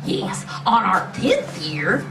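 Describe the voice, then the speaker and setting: A woman's voice: wildly swooping pitch, slow. A woman playing a chatty elderly widowed country woman in a live stage comedy act, talking in a folksy, gossipy drawl. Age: older. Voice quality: gossipy, folksy drawl with shrill rising squeals. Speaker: comedy sketch performer. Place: outdoor community festival stage. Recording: distant echoey live recording with background noise.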